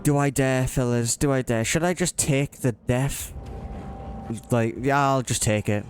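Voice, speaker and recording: A man's voice: mid-range voice, a little slow, slight background noise. A man giving casual, playful commentary while playing a horror game, jokingly talking to the monsters as if they were silly pets. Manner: playful, teasing the monsters in a silly sing-song way. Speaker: let's play gamer.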